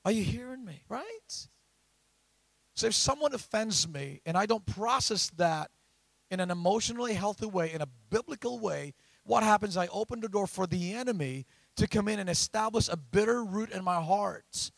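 A man preaching a sermon, often asking the congregation questions and rising to loud emphatic lines. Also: sits high, animated, normal speed, vocal fry, no room sound. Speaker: pastor.

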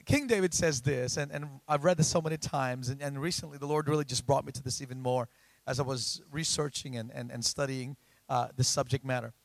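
A man preaching a sermon, often asking the congregation questions and rising to loud emphatic lines. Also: medium pitch, a little fast, gravelly, no echo. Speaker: pastor.

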